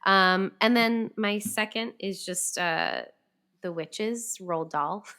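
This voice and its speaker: A woman co-hosting a podcast in casual chat, talking in an animated way full of filler words. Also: medium pitch, slow, clear, resonant tone. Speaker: podcast co-host.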